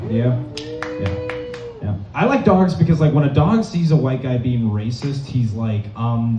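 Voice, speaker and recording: A young man from Massachusetts doing a rambling stand-up set in a comedy club, deadpan and full of fillers. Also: mid-range voice, a little slow, a little hiss or hum. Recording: dull, roomy, distant club recording.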